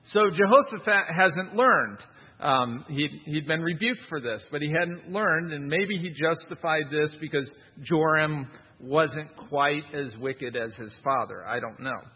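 A man's voice: fairly high pitch, measured pace, husky, in a large hall, highs cut off. A man preaching a sermon in a conversational, wry manner, with rhetorical asides. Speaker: pastor.

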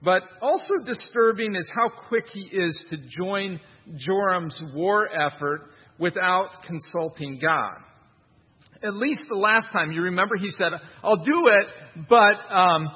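Male pastor, conversational sermon, wry asides, husky voice, muffled lo-fi church recording. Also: fairly high pitch, big-room sound.

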